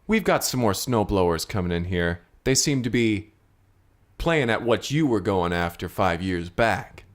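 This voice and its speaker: Low-voiced stammering comedy podcast man. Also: expressive, unhurried. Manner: stammering restarts, playful put-on voices in quotes. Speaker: podcast co-host. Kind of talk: improvised comedy storytelling.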